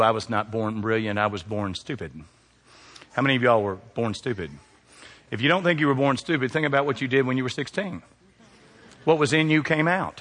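A man preaches call-and-response style, throwing questions out to the congregation. His voice is bright and carries, swinging from high, loud bursts down to low, hushed lines. A long reverb trails behind him in a large hall. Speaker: pastor. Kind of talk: sermon.

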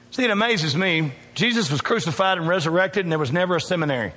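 A man's voice: high voice, expressive, fast, pushed and bright, long reverb tail. A male pastor preaching a sermon, emphatic and calling out to his congregation in a church. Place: church sanctuary.

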